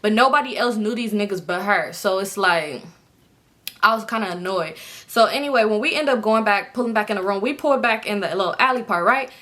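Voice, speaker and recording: A woman with a bright, forward voice tells a wild story to her viewers. She talks loose and slangy, swears freely and speaks right to the audience. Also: medium pitch, brisk. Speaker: storytime vlogger.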